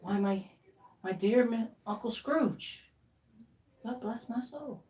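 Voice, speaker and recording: A woman's voice: a little high, slow, warm tone, recorded from a distance, voice pushed up. A woman voicing a delighted, welcoming nephew who stumbles over his words. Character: warm welcoming adult nephew.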